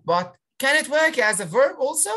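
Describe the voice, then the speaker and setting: A woman's voice: sits high, expressive, normal speed, a bit bright. A woman teaching an online spelling lesson on a video call, encouraging her pupils and sounding out syllables.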